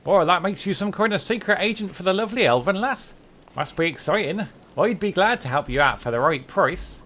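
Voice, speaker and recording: Game rogue, male, cheeky and mercenary, man putting on the voice, lively sing-song delivery. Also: high voice, brisk, slight background noise, voice pushed up. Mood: sly. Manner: chatty, wry, sly. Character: cheeky male rogue, thief for hire, haggling.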